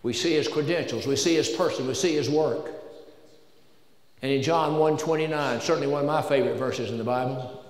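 A man's voice: medium pitch, fairly quick. A man with a Southern American accent preaching a sermon in a church, folksy and joking at times, building to emphatic peaks. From Southern United States. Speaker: pastor. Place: church sanctuary. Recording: echoey church hall with long reverb.

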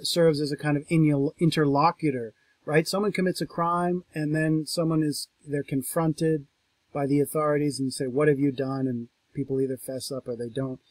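A man lecturing on a scripture passage, reading verses aloud in a raised, slower voice and then explaining them casually, thinking aloud with restarts and asides. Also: fairly high pitch, steady tone, no room sound. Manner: reads quoted verses louder and slower, then explains conversationally. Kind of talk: reading and commenting on a text.

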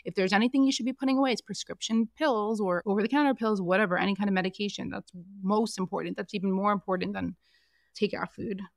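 A woman's voice: mid-range voice, fast, vocal fry, no room sound. Opinionated woman podcast co-host, dry close mic. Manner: animated, opinionated, acts out quotes from the show. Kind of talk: casual reality-TV recap chat.

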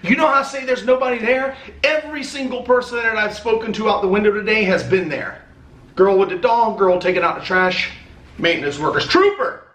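Man, high-pitched voice, casual fan-mail vlog, rambling and profane, echoey room. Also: fairly bright tone. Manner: chatty, rambling, swears casually. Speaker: vlogger opening fan mail. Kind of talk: casual chat.

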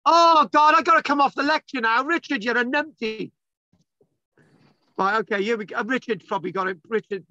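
A man's voice: very high-pitched, moderate pace, pauses often, bright, forceful tone, no room sound, highs cut off. A man giving a casual online lecture, exasperated and bantering, swearing often.

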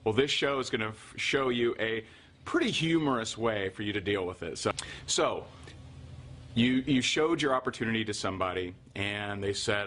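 A man's voice: lowish voice, expressive, moderate pace, a bit bright. A man hosting his own show, talking casually to viewers and often asking "right?". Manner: chatty, keeps asking "right?"; frequent fillers and restarts. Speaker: show host.

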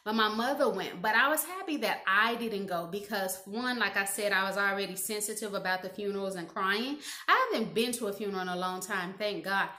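Bright-voiced woman telling her story. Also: mid-range voice, fairly quick, hardly any pauses, reverberant. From Gary, Indiana, USA. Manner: candid, chatty, laughs at herself. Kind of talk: casual storytime monologue.

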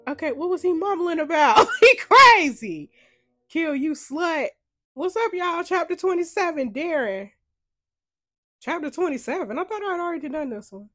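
A young woman playing a story game, shouting reactions and slangy asides to her viewers. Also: extremely high pitch, lively intonation, normal speed, soft background music. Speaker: game player and streamer.

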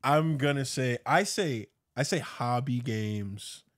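A man's voice: medium pitch, slow pace, dry recording. Explaining man co-host, dry close sound. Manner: explains at length, restarts, laughs easily. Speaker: podcast co-host. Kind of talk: casual chat.

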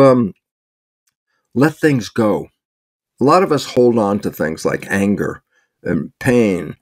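An older man with a gravelly, mid-pitched voice talks as an interview guest. He tells stories with energy, acts out small exchanges and chuckles often. The sound is dry and close, with no room around it. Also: no room sound. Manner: animated storyteller, acts out little dialogues, chuckles often. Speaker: interview guest, biologist and author. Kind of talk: conversational explaining.

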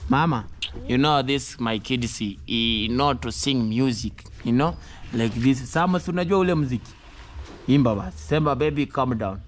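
A man's voice: medium pitch, normal speed, slight background noise. Man vlogging casually with his kids. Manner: switches between broken English and coaxing talk with children. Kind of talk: casual family vlog talk.

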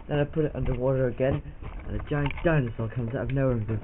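A man's voice: mid-range voice, fast, hardly any pauses. A man, vlogging in a playful, rambling chat to camera. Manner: playful, rambling, goofy asides. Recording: tinny lo-fi camera audio with loud hiss.

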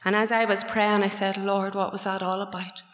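A middle-aged woman with a Northern Irish accent giving a fervent church testimony, at times dropping to a hushed whisper. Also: medium pitch, flat delivery, moderate pace, slight background noise. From Northern Ireland. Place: fellowship meeting hall. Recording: echoey hall with long reverb.

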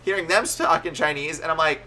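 A man's voice: a little high, a little fast, pushed and bright. A man co-hosting a casual faith chat, telling his story with animation, acting out quotes and laughing often. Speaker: co-host.

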